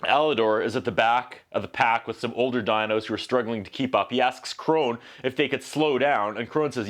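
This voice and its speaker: A man's voice: medium pitch, moderate pace, few pauses, a bit bright. A man recapping a film for a home video review, with sarcastic, joking asides. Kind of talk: comedic movie recap.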